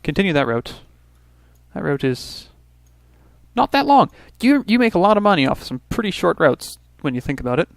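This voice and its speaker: A Canadian man hosts a let's play, casually thinking aloud through his turns with restarts and little asides. His voice is on the high side, sing-song and creaky, at normal speed, with no room sound.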